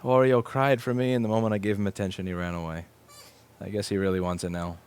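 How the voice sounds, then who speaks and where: Low-voiced new york guy, wry jokey stream talk while fixing a laptop, swears a lot. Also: little pitch movement, fast talker, a little mellow, clear, resonant tone. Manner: wry, joking, swears casually. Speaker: repair technician streaming his work. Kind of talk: casual live-stream chat while working.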